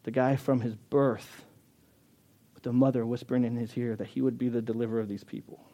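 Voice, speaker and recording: A middle-aged man preaching a sermon, acting out the scripture and the quotes with lively shifts of voice. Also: mid-range voice, brisk, dull audio. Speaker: pastor.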